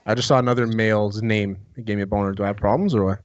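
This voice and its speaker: A man's voice: lowish voice, fairly even intonation, rapid-fire, noisy background. A man hosting a live fantasy draft on a group call, joking around with crude banter. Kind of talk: casual group chat. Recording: dull lo-fi call audio.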